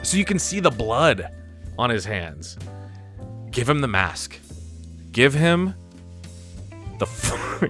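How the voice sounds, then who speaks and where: A man's voice: mid-range voice, very animated, slow pace, long pauses, a bit bright, faint music behind. A young man hosting a live stream, rambling with enthusiasm and frequent laughs as he chats casually. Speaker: stream host.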